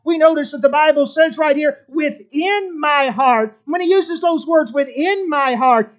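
A pastor preaching a fervent, emphatic sermon at an evening church service, with big swings between loud and soft. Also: male voice, very high voice, unhurried, few pauses. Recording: dull lo-fi sermon recording.

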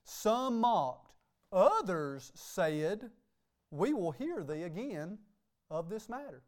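A man's voice: sits high, sing-song, slow, darkish tone. A man preaching a sermon as pastor, emphatic and repeating "hey" and "okay" between phrases. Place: church sanctuary.

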